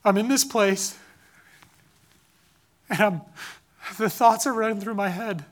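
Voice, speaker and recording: A man's voice: high voice, slow, long pauses. A man giving an earnest, impassioned sermon-style testimony, telling a personal story about his son. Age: adult father.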